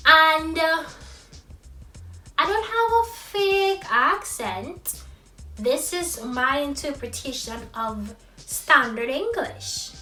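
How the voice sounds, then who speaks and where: A woman's voice: roomy sound, recorded from a distance. Sassy woman with a childlike voice. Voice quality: childlike high voice. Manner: expressive, sassy, swings from loud to hushed. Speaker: vlogger. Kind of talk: casual vlog monologue.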